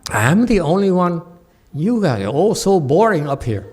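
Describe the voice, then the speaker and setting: A man, a Buddhist master, giving a Dharma lecture as an animated, joking storyteller who acts out the people in his story. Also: on the high side, normal speed, a little hiss or hum. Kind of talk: sermon.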